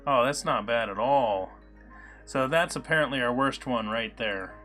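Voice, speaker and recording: A man hosts a relaxed live coding stream, talking through his work and stopping for chat. His voice sits at a middle pitch, with lots of fillers as he thinks aloud. Faint music plays underneath. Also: normal speed. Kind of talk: casual live-coding commentary. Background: soft background music.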